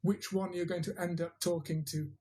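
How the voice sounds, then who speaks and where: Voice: mid-range voice, little pitch movement, normal speed, dark tone, rough recording. A teacher, giving a thoughtful interview answer with frequent hesitations and restarts. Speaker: interviewed English teacher and trainer.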